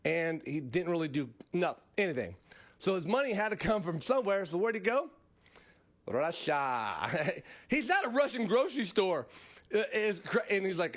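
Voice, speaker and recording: A man's voice: high voice, animated, moderate pace, a bit bright. A man hosting a comedy podcast, rambling through a casual monologue with frequent laughs and mocking asides. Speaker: podcast host.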